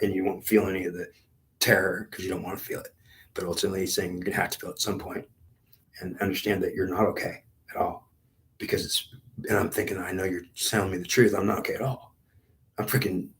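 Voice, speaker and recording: A man's voice: sits low, a bit bright, low-quality recording. A man in his fifties telling of his talks with God in a rambling, intense monologue that often drops to a whisper. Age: 50s. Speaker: speaker recounting talks with God. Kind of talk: unscripted spiritual monologue.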